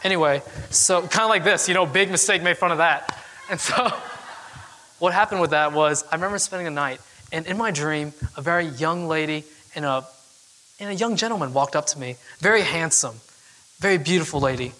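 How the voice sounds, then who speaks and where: Young man telling a story on stage, bright voice. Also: fairly high pitch, moderate pace, a little hiss or hum. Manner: casual, chatty storytelling with frequent fillers. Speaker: keynote speaker. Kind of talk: storytelling talk. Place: event hall with audience. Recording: long hall reverb.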